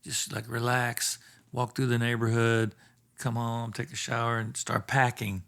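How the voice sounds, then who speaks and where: Gravelly man telling a lively story. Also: medium pitch, unhurried. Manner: animated storyteller who acts out quoted dialogue. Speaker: guest, session and touring bassist. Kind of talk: casual storytelling in a podcast interview. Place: theatre space.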